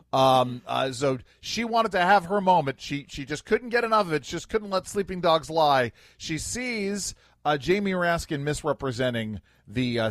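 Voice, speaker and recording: A man's voice: medium pitch, no room sound. A man hosting a morning talk radio show in a studio, chatting casually with many fillers and restarts.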